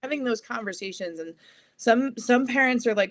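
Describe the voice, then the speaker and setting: A woman's voice: on the high side, moderate pace, no echo. Woman psychic guest in her thirties, chatty and casual, leans on "like". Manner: chatty, many "like" fillers, acts out children's voices. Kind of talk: casual interview chat.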